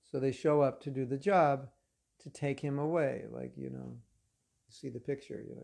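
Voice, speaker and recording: A man giving a spiritual lecture to an online class, telling stories in an animated, conversational way with casual fillers. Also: mid-range voice, normal speed, creaky. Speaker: spiritual teacher.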